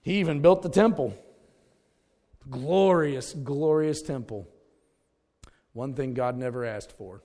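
A man's voice: mid-range voice, slow pace, pauses often, mellow, long reverb tail. A man preaching a sermon, emphatic, repeating his key words and calling his listeners folks.

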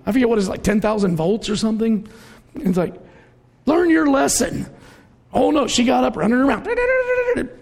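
Talking fast in a high, creaky, darkish voice, a middle-aged preacher delivers a conversational sermon full of everyday stories, performing the quoted voices himself. The reverberant hall recording carries a little hiss or hum.

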